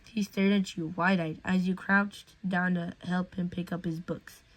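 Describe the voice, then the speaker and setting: A woman's voice: lowish voice, little pitch movement, unhurried, low-quality recording. A woman reading a fan fiction story aloud in a casual way, with slips and restarts.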